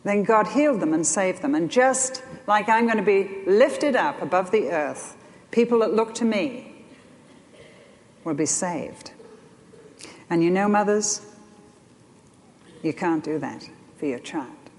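A woman's voice: mid-range voice, slow, pauses often, slight background noise. Older woman preaching in a hall. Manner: animated storytelling, swings between loud and soft. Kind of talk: sermon. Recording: long hall reverb.

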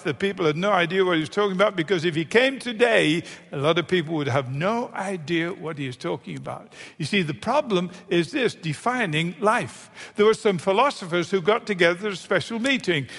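A man's voice: high-pitched, fairly bright tone. A man preaching a sermon, emphatic and fond of repeating phrases for effect. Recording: long hall reverb.

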